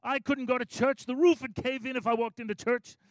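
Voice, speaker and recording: Man doing a chatty little salesman, Irish-sounding lilt, high and lively, dry close sound. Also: fairly quick, dry recording. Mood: teasing. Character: cheeky little Welsh car salesman, chatty.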